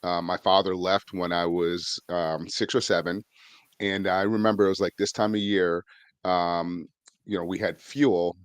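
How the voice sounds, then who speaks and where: A man's voice: deep voice, flat delivery, measured pace, clean tone, no echo. A middle-aged man from Vermont, a real estate investor guest, telling his story in a rambling way with many fillers. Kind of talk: casual storytelling interview.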